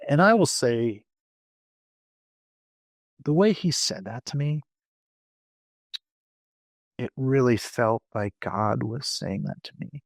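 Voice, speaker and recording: A man of middle pitch tells his story to a podcast host in an animated way. He acts out his own thoughts in little quoted asides and often stumbles and restarts. The sound is dry and close. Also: slow pace, gravelly, pauses often, dry recording. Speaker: podcast guest. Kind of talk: conversational personal testimony.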